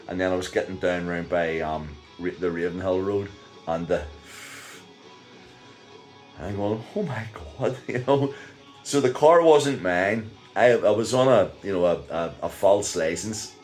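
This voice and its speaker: A man's voice: low voice, a little slow, darkish tone, faint music behind. An older man with a Northern Irish accent telling a rambling personal story in a casual vlog, with frequent chuckles and fillers. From Northern Ireland. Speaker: vlogger.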